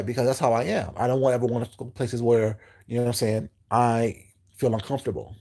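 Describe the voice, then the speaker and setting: A man talks loosely and at length to his stream viewers, circling back over his points. His voice is gravelly and dark, with a husky grain. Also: mid-range voice, steady tone, fast. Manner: rambling, repetitive, with frequent "you know what I'm saying". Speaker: livestream host. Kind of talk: casual chat with viewers.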